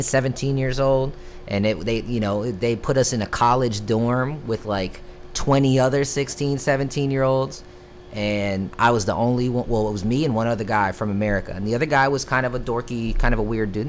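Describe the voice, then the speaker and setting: A young man from Florida, a rapper hosting a live stream, telling stories in casual chat with a lively, profane delivery. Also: mid-range voice, slight background noise. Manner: animated, profane, drawn-out "bro" asides.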